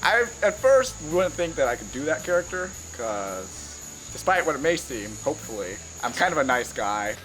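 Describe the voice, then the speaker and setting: A man's voice: mid-range voice, sing-song, normal speed, a bit bright, poor audio. A man answering interview questions about his role in a modest, self-deprecating way. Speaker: cast member playing Tom. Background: background music.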